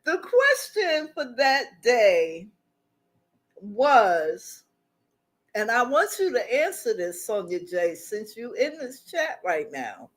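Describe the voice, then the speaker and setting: A woman's voice: on the high side, sing-song, slow. Giggly woman hosting a live chat. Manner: laughs often, reads viewer chat aloud. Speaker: livestream host.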